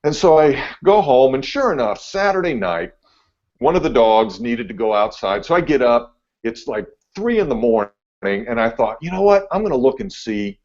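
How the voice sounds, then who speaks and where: A man's voice: medium pitch, normal speed. Laid-back male meteorologist guest, chatty storyteller, slightly dull lo-fi sound. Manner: laid-back, animated when telling stories. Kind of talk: casual podcast storytelling. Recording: dull lo-fi audio.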